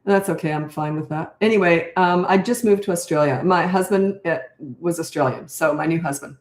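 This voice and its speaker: A woman's voice: on the low side, brisk. Chatty Canadian woman in her sixties, echoey room. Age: 60s. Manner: chatty, laughing storyteller who drifts off topic. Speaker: parenting coach answering viewer questions. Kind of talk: casual chat with anecdotes. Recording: roomy echo.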